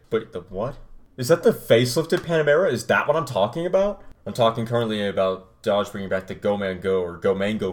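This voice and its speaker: A young man talks through his own podcast in a loose, rambling way. His voice sits a little low, and he chats casually and off the cuff. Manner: rambling, chatty, reacts to his old recording. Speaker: podcast host. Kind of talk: casual solo podcast talk.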